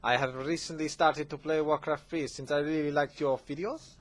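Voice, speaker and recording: A man's voice: fairly high pitch, fairly even intonation, normal speed, pitched above the performer's own voice, natural voice. A man doing an eager Spanish newcomer. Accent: mock Spanish.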